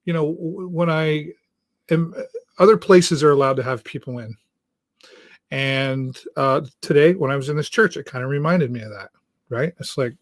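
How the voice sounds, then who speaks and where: A Canadian talk show host gives an earnest, halting monologue directly to viewers, restarting mid-sentence again and again. His voice sits a little high for a man. Set in a church, the recording is dry and close, with no room sound.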